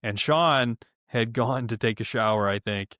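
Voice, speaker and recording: A young man telling a story on a podcast in a casual, profane, animated way, acting out quotes in raised voices. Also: medium pitch, a little slow, no room sound, studio quality. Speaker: podcast co-host.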